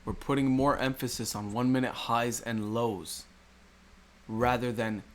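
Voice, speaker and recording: Over a screen-recorded chart, this man teaches trading, going back over key points and asking questions he answers himself. His mid-range voice stays steady and moves a little slowly.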